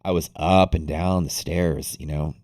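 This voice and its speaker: A man's voice: rumbling low, fairly even intonation, unhurried, a little mellow. A man hosting a live trading stream, chatting casually in a rambling, profane way with lots of restarts. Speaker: day trading livestream host. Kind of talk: casual livestream chat.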